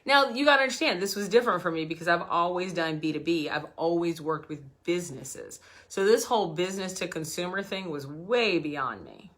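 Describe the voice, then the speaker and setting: Speaking briskly with hardly any pauses, a woman with a voice on the low side tells a story directly to camera as a business coach. Her storytelling is lively, and she plays out the dialogue from both sides.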